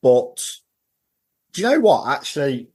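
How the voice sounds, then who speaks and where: A man's voice: mid-range voice, sing-song, unhurried, darkish tone, breathy edge. A man in casual podcast chat, telling funny stories as a football-fan guest and laughing at his own tales. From England.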